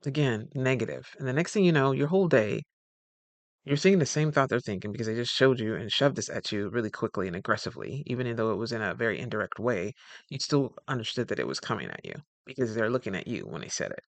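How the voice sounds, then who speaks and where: A man's voice: mid-range voice, fast, creaky, dry recording. Chatty man talking in a dry room. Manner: animated, acts out quoted dialogue; rambling with self-corrections. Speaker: communication coach. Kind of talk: casual advice talk.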